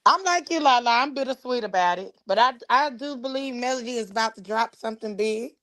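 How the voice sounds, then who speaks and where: A woman guest chats casually in a group call. She speaks emphatically in loose slang and repeats lines for effect. Her voice sits a little high. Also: fairly quick, fairly bright tone.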